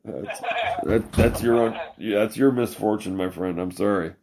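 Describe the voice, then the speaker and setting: A man's voice: fairly low pitch, animated, slow, very noisy. A podcast host, a man, rambling through a profane, laugh-filled story in casual chat.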